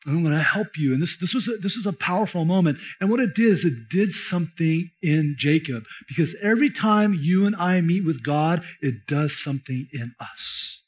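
High-voiced pastor preaching conversationally. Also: male voice, lively intonation, moderate pace, hardly any pauses. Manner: conversational, emphatic preaching that explains scripture. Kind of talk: sermon.

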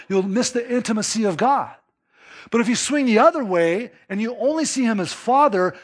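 Male preacher, high voice, animated delivery with hushed emphases. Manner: animated preaching, acts out little quoted voices, drops to a hush for emphasis. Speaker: pastor. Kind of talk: sermon.

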